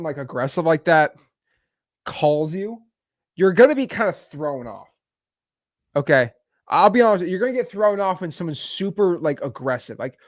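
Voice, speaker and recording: A man giving a casual coaching talk on cold calling, chatty, with quick asides and frequent laughs. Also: high-pitched, dry recording.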